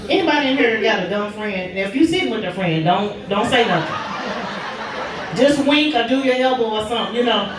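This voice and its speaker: A woman's voice: fast, few pauses, recorded from a distance, background noise. Woman doing stand-up, echoey club. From Oklahoma. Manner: animated, jumps high in pitch for punchlines. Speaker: stand-up comedian. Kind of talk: stand-up comedy set. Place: comedy club stage.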